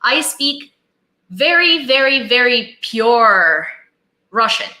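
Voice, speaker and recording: Bright impassioned Ukrainian woman streaming. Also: fairly high pitch, expressive, slow pace, roomy sound. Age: 20s. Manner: impassioned, emphatic, thanks viewers mid-rant. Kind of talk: live-stream chat and commentary.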